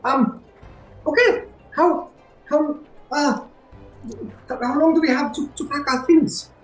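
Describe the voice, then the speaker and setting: A man voicing a grateful, anxious young village mother who stammers in a high voice. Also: slow. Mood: elated. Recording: echoey room, faint music.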